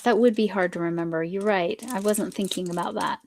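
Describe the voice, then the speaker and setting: Chatty woman with vocal fry. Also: fairly low pitch, steady tone, brisk, darkish tone, no echo. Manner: rambling, chatty, often breaks off mid-sentence. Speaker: craft live-stream host. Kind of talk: casual chat while crafting.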